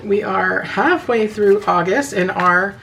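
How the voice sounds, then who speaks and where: A woman with a hoarse voice that sounds a little sick, chatting casually to her viewers and counting cash aloud in quick runs. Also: medium pitch, fairly bright tone, slight background noise, rough recording. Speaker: budgeting vlogger. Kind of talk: casual friendly chat to camera.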